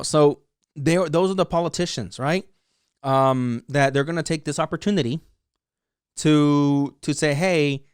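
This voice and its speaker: A man's voice: a little high, smooth, no room sound, clean studio sound. A man from San Diego hosting his own vlog, giving heated opinionated commentary full of "like" and "you know". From San Diego, California, USA. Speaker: vlog host.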